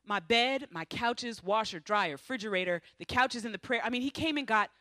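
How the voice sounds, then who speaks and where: American woman telling a missionary story, kinda high voice, jokey asides, dry close sound. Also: moderate pace, dry recording. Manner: animated storytelling with playful asides. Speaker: missionary speaker. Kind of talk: testimony to a congregation.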